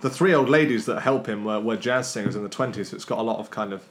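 A man co-hosting a casual podcast chat, telling stories in an animated way with quick restarts. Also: on the low side, slight background noise.

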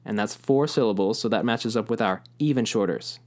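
A man's voice: lowish voice, a little fast. A man teaching a music lesson, patiently explaining rhythms and chanting rhythm syllables aloud.

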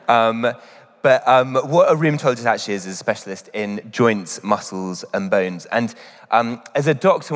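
A man's voice: deep voice, in a large hall. A man giving a short sermon in a church, humorous and self-deprecating, with many hesitant fillers. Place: church hall.

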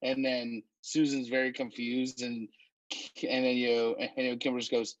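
A man co-hosting a podcast, casually recapping a wrestling show in an unhurried way, with frequent fillers and restarts. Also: mid-range voice, level tone, no echo, highs cut off.

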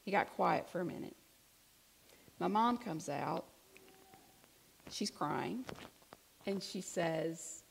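A woman preaching a sermon, telling a personal story in a conversational way, swinging from hushed to emphatic. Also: fairly low pitch, creaky, slight background noise.

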